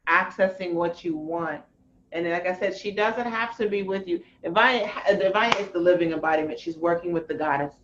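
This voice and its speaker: Woman running an online class, blunt n animated, swears a lot, dull lo-fi audio w faint hiss. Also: fairly low pitch, normal speed. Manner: frank, animated, swears casually. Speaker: course leader.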